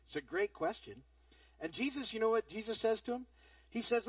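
A man's voice: high-pitched, expressive, brisk, slightly rough, no room sound, distant mic, poor audio. A man preaching a sermon as pastor, earnest and conversational, often repeating words as he starts a phrase.

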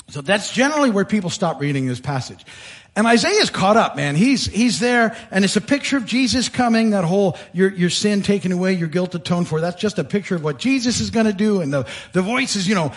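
A male pastor preaches a sermon in a high, very animated voice at a fairly quick pace. He tells the story with flair, acting out voices, and keeps restarting his sentences, with frequent fillers and repeated starts.

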